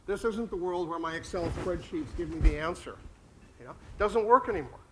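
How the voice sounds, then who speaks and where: A man's voice: high voice, brisk, darkish tone, slight background noise. A man giving a conference talk on leadership, emphatic and full of rhetorical questions to the audience. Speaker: speaker.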